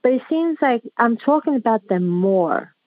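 A woman's voice: on the high side, lively intonation, moderate pace, dry recording. A woman calling in to a radio show, talking in a rambling, hesitant way with many fillers and restarts. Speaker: caller. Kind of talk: phone-in conversation. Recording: tinny phone line.

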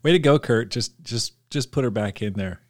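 A man hosting a podcast interview, friendly and quick to react with short exclamations. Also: mid-range voice. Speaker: podcast host.

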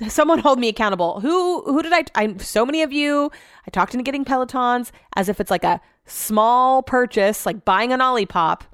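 A woman's voice: fairly high pitch, expressive, a little fast, clean tone, no room sound, clean studio sound. A woman hosting her own podcast, chatting casually in a rambling, profane way, sore and tired. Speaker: podcast host and radio host. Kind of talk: casual solo podcast monologue.

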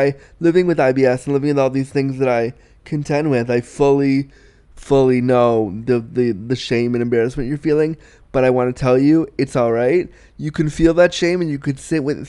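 Young man, podcast host, smooth clear voice, frank, animated, candid advice chat. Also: mid-range voice. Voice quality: frank, animated, self-deprecating, giggly.

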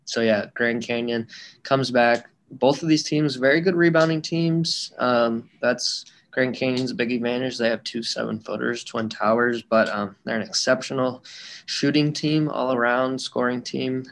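A man's voice: medium pitch, little pitch movement, normal speed, gravelly, a bit bright, slight background noise. A man co-hosting a sports betting podcast, breaking down games in a loose, analytical way. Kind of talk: casual podcast chat.

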